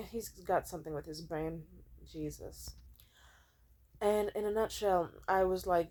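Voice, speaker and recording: A woman's voice: mid-range voice, darkish tone. A young woman venting in a heated, profane rant, retelling an argument with quoted back-and-forth dialogue. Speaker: vlogger.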